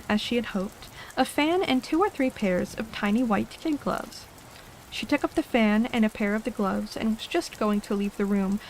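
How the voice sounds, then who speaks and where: A woman reads a storybook aloud in a soft, gentle ASMR style, her voice sitting a little high and unhurried. A faint hiss of rain runs underneath the narration. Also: poor audio. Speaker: ASMR reader.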